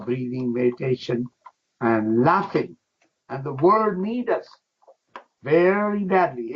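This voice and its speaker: An older man, a laughter yoga teacher, talking with exuberance in broken English and breaking into chants and laughter as a radio guest. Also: on the high side. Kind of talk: enthusiastic radio interview. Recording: dull lo-fi radio sound.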